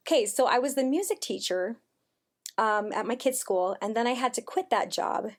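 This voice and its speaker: A woman in her forties, a podcast guest telling stories in a chatty, animated way over a remote call. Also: on the high side, moderate pace. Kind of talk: casual conversational interview.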